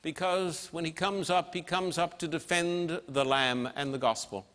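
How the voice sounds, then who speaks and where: Slow, bright-voiced male preacher in a hall. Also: fairly high pitch, fairly even intonation. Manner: emphatic, measured preaching with dramatic pauses. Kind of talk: sermon. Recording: long hall reverb.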